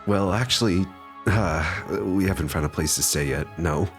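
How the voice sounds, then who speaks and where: A man reading a tense young lawyer, low. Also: normal speed, over music, natural voice. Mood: uneasy. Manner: low and subdued, uneasy. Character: nervous young Japanese male lawyer. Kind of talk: reading game dialogue aloud.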